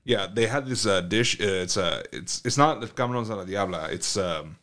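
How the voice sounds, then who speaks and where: A man with a lowish voice and moderate pace co-hosts a casual chat podcast. He tells funny food stories in an animated way, swearing often and laughing a lot.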